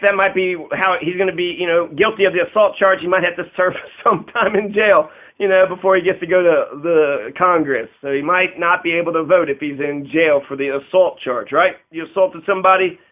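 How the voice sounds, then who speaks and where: A man's voice: on the high side, a little fast. A man giving casual political commentary, rambling and profane, laughing often and acting out quotes in a raised voice. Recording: dull lo-fi audio.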